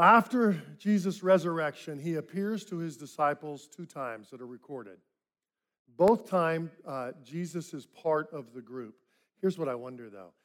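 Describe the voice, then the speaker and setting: Male pastor, storytelling sermon delivery, slightly raised pitch, sinks soft and low for reflection. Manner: dramatic storytelling, acting out quoted voices; drops to soft, low tones for reflective points.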